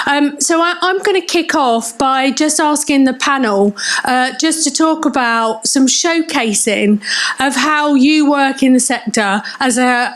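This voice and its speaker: A woman chairing a conference panel on stage, chatty and enthusiastic, with frequent fillers. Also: high voice.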